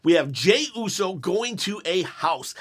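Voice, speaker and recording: A man hosting a casual wrestling commentary show, energetically pitching storyline ideas and slipping into quoted lines from the wrestlers. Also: animated, unhurried. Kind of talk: casual fantasy-booking commentary.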